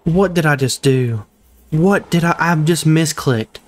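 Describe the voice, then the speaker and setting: A young man streams his first playthrough of a game, providing live commentary in an unhurried voice that sits a little high. He exclaims and groans at his own mistakes.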